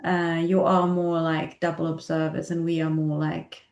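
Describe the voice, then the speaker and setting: A woman host with a lowish voice, speaking in a casual chat. She mostly chimes in with short agreements, and her voice carries a roomy echo. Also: flat delivery, moderate pace, creaky, a little mellow. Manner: brief agreeing interjections. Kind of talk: casual conversation.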